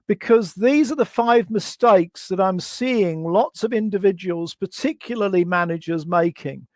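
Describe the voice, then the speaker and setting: A man's voice: high voice, no echo. A man presenting a management webinar from a computer mic, working through numbered points and asking rhetorical questions. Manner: structured, rhetorical questions to the audience.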